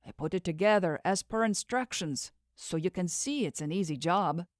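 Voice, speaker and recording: A woman's voice: lowish voice, expressive, moderate pace, dry recording, clean studio sound, natural voice. A woman voicing an injured young man who talks groggily with slurred words, read in an audiobook. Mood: groggy.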